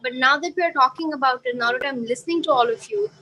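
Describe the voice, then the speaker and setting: A woman's voice: sits high, fast talker, bright, forceful tone, low-quality recording. A woman reflecting aloud in a casual group conversation over a video call, hesitant and full of filler words. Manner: musing, hesitant, many "like" fillers. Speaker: panel participant.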